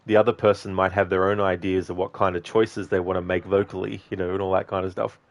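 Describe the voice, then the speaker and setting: Low-voiced man chatting on a game stream. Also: flat delivery, quick pace. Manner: chatty, laughs often, chats to viewers by name. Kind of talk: casual livestream chat while gaming.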